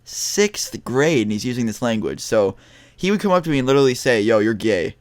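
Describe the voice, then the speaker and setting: A man's voice: mid-range voice, big pitch swings, fairly quick, dry recording. Young male vlogger, blunt and profane storyteller, mid-range voice, dry close mic. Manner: blunt, heavy swearing, many restarts. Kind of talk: casual storytelling to camera.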